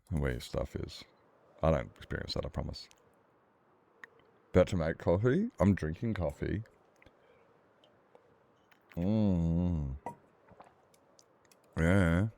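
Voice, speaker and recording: A man's voice: deep voice, creaky, warm tone. A man streaming a game, rambling in casual chat with his viewers, swearing freely and laughing often.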